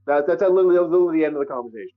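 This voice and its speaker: A man's voice: a little high, racing, soft background music. A man co-hosting a podcast, ranting angrily in casual chat, swearing and restarting his sentences often. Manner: profane, heated ranting with many restarts. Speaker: podcast co-host. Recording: dull lo-fi audio.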